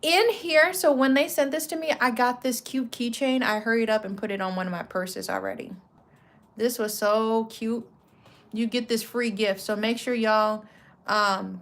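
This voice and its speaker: A woman hosting a casual craft vlog, chatting in a loose, rambling way and correcting herself mid-sentence. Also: medium pitch. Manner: relaxed slang-filled talk. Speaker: craft vlogger. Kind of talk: casual chatty product walkthrough.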